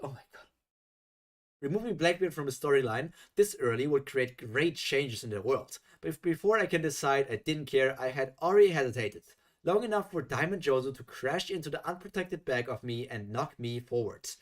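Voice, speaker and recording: Guy reading fanfic out loud on stream, animated, keeps getting exasperated. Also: mid-range voice, fairly quick. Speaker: reaction streamer. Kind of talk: reading a fan story aloud with live reactions.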